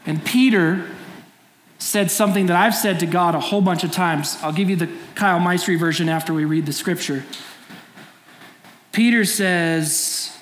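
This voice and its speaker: A man's voice: high-pitched, moderate pace, slight background noise. A middle-aged man preaching a sermon in a conversational, storytelling way, acting out scenes. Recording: echoey room, faint ambience.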